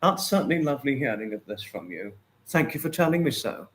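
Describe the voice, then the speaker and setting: A man hosting a casual livestream, warmly greeting and thanking viewers by name and apologizing often. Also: mid-range voice, sing-song, a little fast. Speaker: livestream host. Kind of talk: casual livestream chat reading viewer comments.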